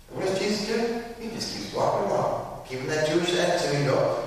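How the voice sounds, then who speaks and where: A man's voice: on the high side, lively intonation, unhurried, a little hiss or hum. Male priest, chatty sermon with tag questions, long reverberant hall, faint ambience. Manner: conversational, frequent tag questions. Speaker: pastor. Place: church. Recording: echoey church hall, mic from far.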